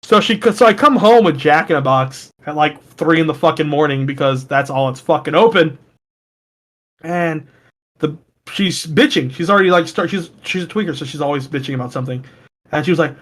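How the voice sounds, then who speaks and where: A young man on a podcast, telling profane, animated stories and jumping high when he quotes people. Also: fairly quick. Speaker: podcast co-host. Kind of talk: casual storytelling chat.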